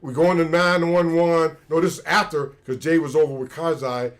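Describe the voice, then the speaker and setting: A middle-aged man with a fairly high voice tells war-shop stories in a loose, chatty way. He slips into the other people's voices as he quotes them, keeping the telling lively. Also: fairly quick. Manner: animated, acts out quoted dialogue. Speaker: retired special forces soldier, guest. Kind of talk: casual storytelling on a livestream.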